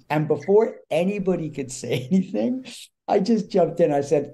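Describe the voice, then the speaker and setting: A man hosting a casual chat, telling a lively backstage anecdote with frequent restarts and bits of acted-out dialogue. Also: a little high, normal speed. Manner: animated storytelling with frequent restarts and quoted dialogue. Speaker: host and actor.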